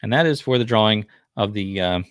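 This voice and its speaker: A man's voice: fairly low pitch, expressive, brisk, fairly bright tone, clean tone, no room sound, studio quality. A man in his fifties with a New Jersey accent, hosting a casual livestream and chatting in a rambling way with lots of fillers. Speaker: livestream host.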